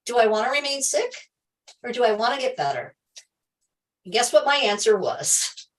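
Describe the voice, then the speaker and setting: A woman's voice: a little high, sing-song, moderate pace, distant mic, poor audio. A middle-aged woman hosting a health livestream, telling a personal story to viewers in an emphatic way, repeating key phrases and laughing often.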